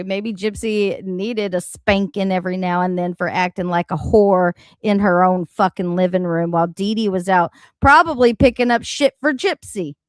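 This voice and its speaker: A woman hosting a reaction livestream, talking in a blunt, animated and profane way about the clips she plays. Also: mid-range voice, dry recording, studio quality. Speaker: livestream host. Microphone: home streaming mic.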